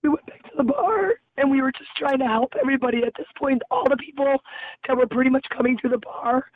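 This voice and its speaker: A shaken woman caller, her voice going hoarse, telling her account in halting phrases with many restarts from a car on her way home. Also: sits high, dry recording. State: losing voice. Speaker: caller, festival bartender. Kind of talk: emotional phone-in account. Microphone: phone. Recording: tinny phone line.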